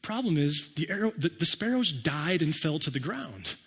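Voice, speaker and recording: A pastor preaching a conversational sermon, acting out listeners' reactions with wry humor. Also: male voice, a little high, very animated, moderate pace, fairly bright tone, husky, long reverb tail. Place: church sanctuary.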